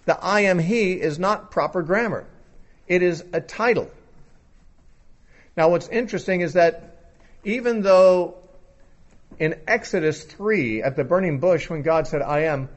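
A man's voice: fairly high pitch, a little slow, long pauses. A man explaining a Bible passage in an unscripted teaching talk, thinking aloud with occasional fillers.

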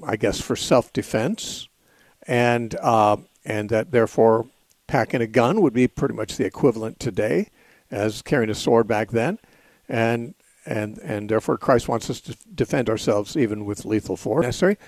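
A man hosting a call-in radio show and answering Bible questions in a measured, explanatory way, often pausing with "uh" and "you know". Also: mid-range voice, a little mellow, no room sound.

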